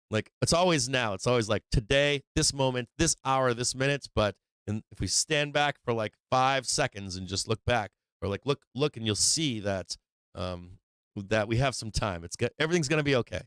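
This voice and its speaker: A man hosting a live trading stream, talking casually and excitedly, swearing freely and laughing often. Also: mid-range voice, clear, resonant tone, no room sound. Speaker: livestream trading host. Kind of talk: casual livestream chat.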